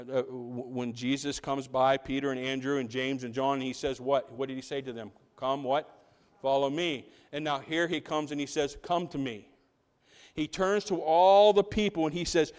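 A man preaches with a high, lively voice. He swings from loud outbursts to near-whispered lines. The sound rings in a hall with a long echo. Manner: animated, swings from loud to hushed. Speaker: pastor. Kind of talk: sermon.

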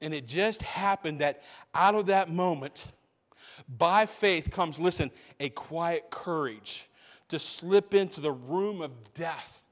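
A man preaching a sermon, swinging between booming emphasis and hushed asides and repeating phrases to drive points home. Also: slow pace. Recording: long reverb of a large hall.

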